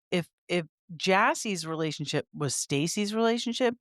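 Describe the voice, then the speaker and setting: A woman's voice: on the low side, animated, moderate pace, hardly any pauses, no room sound, studio quality. A woman co-hosting a podcast, talking in an opinionated, emphatic way about a reality show. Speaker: podcast co-host. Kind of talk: casual chat.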